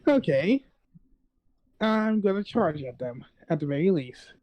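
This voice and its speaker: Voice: medium pitch, very animated, a little slow, darkish tone. A player in a tabletop game, talking hesitantly and repeating phrases. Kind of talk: tabletop role-play.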